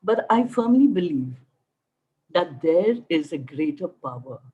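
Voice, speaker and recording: A woman's voice: on the low side, unhurried, breathy edge, dull audio. A middle-aged woman with an Indian English accent, giving an emphatic motivational talk as a cancer survivor and acting out the dialogue of her story. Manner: animated, acts out dialogue, emphatic. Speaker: cancer survivor guest speaker.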